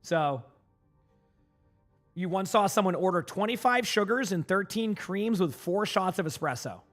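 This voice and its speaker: A man from Massachusetts without a regional accent, rambling casually to his live-stream chat with lots of filler words and quick answers to viewers. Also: sits high, expressive, fairly bright tone, soft background music.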